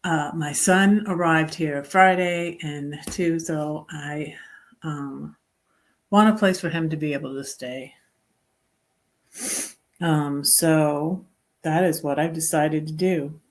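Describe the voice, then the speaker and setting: Middle-aged woman, low and unhurried, rambling livestream host full of ums. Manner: rambling, halting with many ums, greets viewers brightly. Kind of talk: casual livestream chat.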